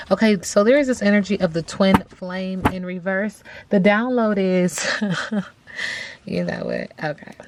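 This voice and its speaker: A woman giving a casual tarot reading in a chatty, drawn-out way, often checking in with "okay?". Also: on the low side. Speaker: tarot reader.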